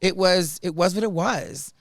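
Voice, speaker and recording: A man hosting a podcast, telling stories from his life in a chatty, animated way. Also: high voice, normal speed, vocal fry, no echo, studio quality. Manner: chatty, animated, restarts and laughs often. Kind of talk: casual storytelling chat.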